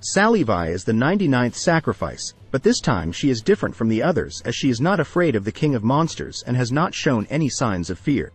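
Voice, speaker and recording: A man narrating an anime plot recap in a steady, scripted storytelling manner. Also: mid-range voice, a little fast, hardly any pauses, breathy edge. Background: faint music.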